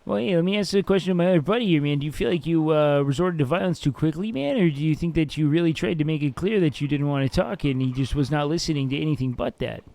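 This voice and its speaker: A laid-back man mediating a roleplay dispute with calm, probing questions. He talks quickly, in a slightly high voice with a gravelly fry underneath. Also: no room sound.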